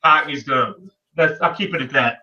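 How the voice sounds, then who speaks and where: A man, co-hosting a casual online show, animated and swearing freely. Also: on the high side, moderate pace, dull audio. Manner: animated, swears, calls people dude. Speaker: podcast co-host. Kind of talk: casual chat. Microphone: video call.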